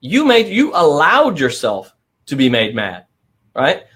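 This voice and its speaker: A man's voice: fairly high pitch, wildly swooping pitch, measured pace, a bit bright, breathy edge. A middle-aged man hosting a motivational live stream, talking with energy, stressing points and often adding "right?".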